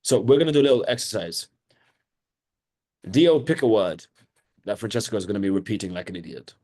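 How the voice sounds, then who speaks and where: A man's voice: on the low side, fairly quick, darkish tone. A man coaching trainees in sales, blunt and mocking as he gives orders. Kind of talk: live sales coaching session.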